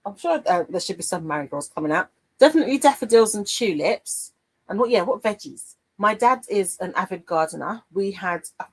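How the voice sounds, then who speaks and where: A woman's voice: medium pitch, husky, low-quality recording. Lady chatting on her craft livestream, playful, voice swoops up and down a lot. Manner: chatty and playful, warm with viewers, trails off and laughs. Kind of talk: casual chat, reading out viewer comments.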